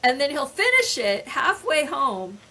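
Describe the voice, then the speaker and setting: Older woman, podcast co-host, high voice, bright tone, lively storyteller, casual chat. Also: a little slow. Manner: lively storyteller, acts out exchanges with her son.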